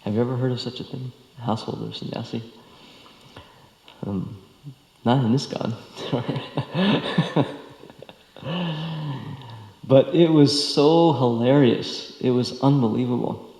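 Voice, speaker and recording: A man gives a devotional scripture lecture in a slow, unhurried voice with a gravelly edge, pausing often on fillers and restarting his sentences. His voice rings with a long reverb in a large temple hall. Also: medium pitch, dark tone. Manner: halting, with many fillers and restarts. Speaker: speaker giving a class.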